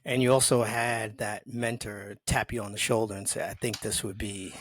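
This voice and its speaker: A man's voice: on the low side, level tone, normal speed, slight background noise. A man hosting a casual interview, chiming in with short encouraging remarks. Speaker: podcast host.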